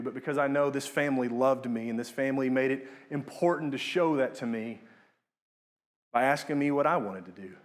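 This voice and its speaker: Earnest in manner, a young man gives a sermon, reaching emphatic crescendos and lowering his voice on the words that matter most.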